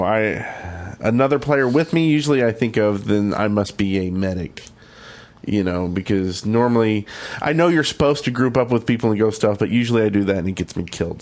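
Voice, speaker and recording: A man's voice: fairly low pitch, expressive, fairly quick. A man co-hosting a gaming podcast, reading listener emails in casual chat with laughing asides. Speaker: podcast co-host.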